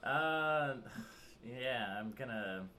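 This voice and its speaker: A man's voice: mid-range voice, animated, very slow, pushed and bright, slight background noise. A man co-hosting a podcast, talking hesitantly with many ums and dry remarks. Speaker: podcast co-host. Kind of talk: casual podcast chat.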